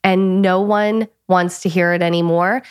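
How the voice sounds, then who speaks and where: A woman co-hosting a podcast, giving earnest advice in casual chat and slowing down for emphasis. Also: lowish voice, fairly even intonation, smooth, no echo, studio quality. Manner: earnest, advising, slows for emphasis. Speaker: podcast co-host.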